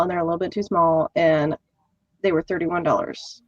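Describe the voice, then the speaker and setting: A woman's voice: on the low side, fairly even intonation, normal speed, no room sound, muffled recording. A young woman chatting casually about everyday errands, matter-of-fact. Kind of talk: casual chat.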